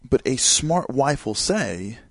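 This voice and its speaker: A man giving a motivational talk. He speaks in an animated way, fills his speech with "like" and "you know", and keeps asking rhetorical questions. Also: medium pitch, slow, breathy edge, dry recording, clean studio sound. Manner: animated, asks rhetorical questions and acts out examples; many fillers such as "like" and "you know".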